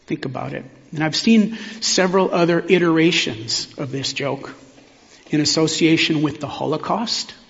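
A man, a pastor preaching a sermon in a church sanctuary, in a measured, reflective way with pauses. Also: fairly high pitch, creaky, a bit bright. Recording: long hall reverb, dull sound.

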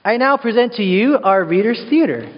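A worship pastor gives a sermon in a church sanctuary, his voice sitting high for a man. He tells the story with animated, playful asides. The sound is dull, with a long hall reverb trailing behind. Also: normal speed, background noise.

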